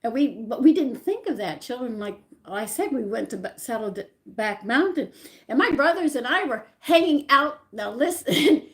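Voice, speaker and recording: An older woman telling family stories from her childhood in a rambling, animated way, often stopping to correct herself. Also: fairly high pitch, normal speed. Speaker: channel host. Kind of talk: personal storytelling.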